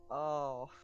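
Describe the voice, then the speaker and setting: Low-voiced young woman, swearing and joking. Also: low-quality recording. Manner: profane, joking, laughs often. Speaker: co-host friend on a stream. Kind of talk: casual chat.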